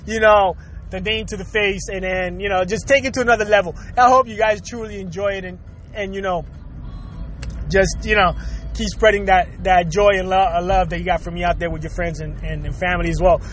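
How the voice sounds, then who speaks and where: On his own podcast, a man with a very bright, very high voice rants comically, a little fast and with fairly even intonation. There's some slight hiss or hum; he curses, rambles, laughs between thoughts, and stumbles over repeated words and restarts.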